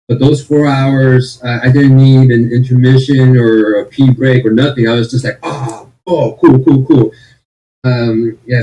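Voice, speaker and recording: Man, mellow dark voice, casual chat, hesitant, lots of ums. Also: medium pitch, low-quality recording. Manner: easygoing, hesitant, many ums. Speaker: panelist reviewing a film.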